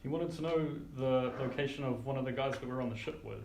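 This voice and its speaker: A man's voice: medium pitch, fast talker, a little mellow. A laid-back man in a tabletop game speaks casually in character, laughing often and calling others bro and mate. His voice is in the middle range, and the recording is roomy with a faint hiss. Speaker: player. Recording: roomy echo.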